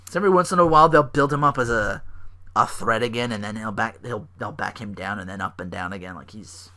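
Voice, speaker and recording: A man's voice: medium pitch, pushed and bright. A young man hosting a solo podcast, rambling and swearing as he recaps wrestling shows and acts out lines. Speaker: podcast host.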